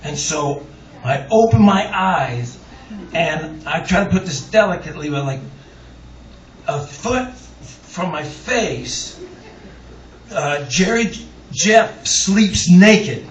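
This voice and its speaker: Male singer-songwriter, slightly high voice, loose self-mocking stage storyteller; taped far off in a roomy club, dull sound. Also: lively intonation, slow, pauses often. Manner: rambling, self-mocking, chuckling through the telling. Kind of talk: live onstage storytelling. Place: live music club on stage. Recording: roomy, dull, distant audience recording. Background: audience laughter and crowd noise.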